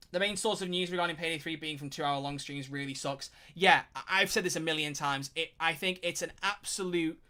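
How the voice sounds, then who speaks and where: A man talks fast on his live stream, with a high, bright voice. He reacts to chat in animated rants and swears freely.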